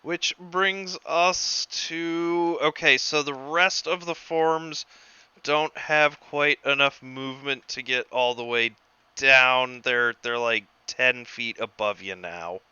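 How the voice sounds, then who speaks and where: Man, game master, excitable, very bright crisp voice, slow talker, dry dull mic. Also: medium pitch, dry recording. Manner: excitable, laughs at big hits. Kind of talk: narrating a tabletop game over voice chat.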